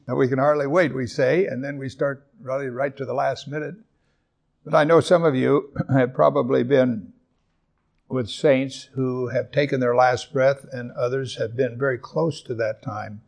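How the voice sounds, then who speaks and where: A male pastor preaching to his congregation in a gravelly, mid-pitched voice. He speaks earnestly, slowing down to dwell on scripture lines and repeating them for emphasis. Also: fairly even intonation, a little mellow. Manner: earnest, slows down to stress scripture, repeats verses. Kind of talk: sermon.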